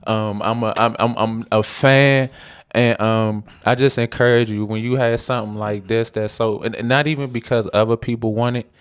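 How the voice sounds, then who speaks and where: A man's voice: medium pitch, steady tone, normal speed, clear, resonant tone. A man appearing as a guest on a casual podcast interview, speaking in a heartfelt, slangy, effusive way.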